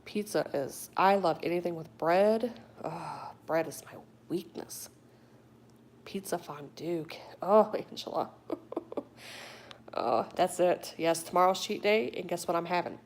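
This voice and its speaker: A middle-aged woman chatting casually on a phone livestream, reading viewer comments aloud with animated talk and whispered asides. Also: fairly low pitch, measured pace, slight background noise. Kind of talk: casual live chat. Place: home in a warm state.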